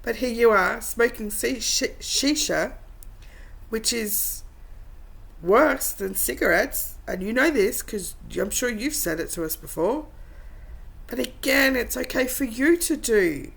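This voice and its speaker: A woman's voice: on the high side, lively intonation, slow pace, gravelly, fairly bright tone, poor audio. A woman commenting over a livestream clip, blunt and mocking in her remarks. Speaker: reaction commentator. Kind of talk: sarcastic commentary over a stream.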